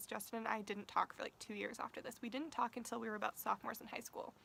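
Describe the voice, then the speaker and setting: A young woman vlogger telling a casual storytime, talking fast and swearing freely, saying "like" all the time. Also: a little high, level tone, vocal fry, pushed and bright, a little hiss or hum, rough recording. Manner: profane, fast-talking, uses "like" constantly.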